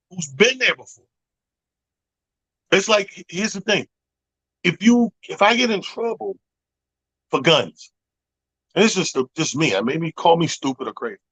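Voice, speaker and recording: A slightly high-voiced man tells a long story on a radio talk show. He swears freely and acts out the other people in it. His voice is close and dry, with no room sound. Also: a bit bright, no room sound, low-quality recording. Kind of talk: casual storytelling chat. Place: radio studio. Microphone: studio microphone.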